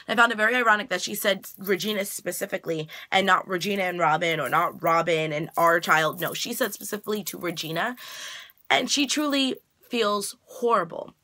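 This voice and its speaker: A woman's voice: medium pitch, brisk, bright, forceful tone. A woman vlogger recapping a TV episode in a chatty, casual way with slangy asides.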